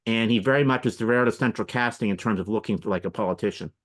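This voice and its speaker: A man's voice: lowish voice, very fast. A man speaking as a political analyst guest in a radio interview, explaining at length and listing names and examples.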